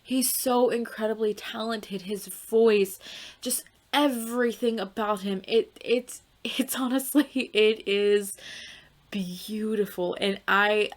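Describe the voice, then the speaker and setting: A woman's voice: mid-range voice, fairly even intonation, takes it slowly. A woman hosting a music reaction video, gushing and exclaiming as she fights back tears. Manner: gushing, exclaiming, repeating herself. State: close to tears. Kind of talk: emotional music reaction commentary.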